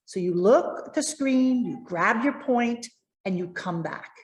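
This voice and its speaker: Lively woman coaching on a video call. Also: fairly high pitch, measured pace, roomy sound, a little hiss or hum. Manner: lively, encouraging, addresses viewers directly. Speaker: presentation coach.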